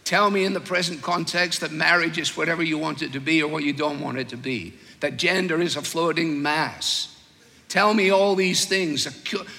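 An older man preaching a sermon, telling stories with wry humor and slow, weighed emphasis. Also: on the high side, creaky, sharp tone, long reverb tail.

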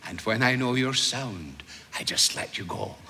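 A man voicing a frail old Irishman with a soft, lilting Irish accent and dry humor, in a gentle, unhurried way. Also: medium pitch, expressive, long reverb tail. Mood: wry.

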